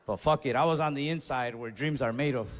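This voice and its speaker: A man doing stand-up storytelling on a comedy club stage, animated, acting out voices and yells. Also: medium pitch, fairly quick, slight background noise. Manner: animated, acts out voices and yells in his stories. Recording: stage mic in a reverberant venue.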